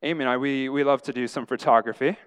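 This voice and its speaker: A middle-aged man preaches in a casual, storytelling way, acting out little scenes of himself praying. His voice is smooth and resonant at an ordinary pitch. He keeps checking in with listeners, asking "right?". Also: fast. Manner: animated storyteller, acts out his own prayers, tags lines with "right?". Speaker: pastor. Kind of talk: casual sermon with acted-out stories.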